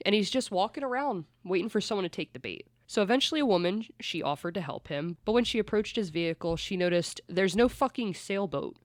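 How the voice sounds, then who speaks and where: Podcast host, mid-pitched, chatty true-crime storyteller who swears freely; dry, close recording. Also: animated, a little fast, few pauses, dry recording.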